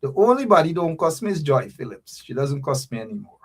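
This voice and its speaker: Husky, lively man hosting a show. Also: a little high, a little fast. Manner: animated, teasing, talks straight to viewers. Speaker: talk show host. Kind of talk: livestream talk show commentary.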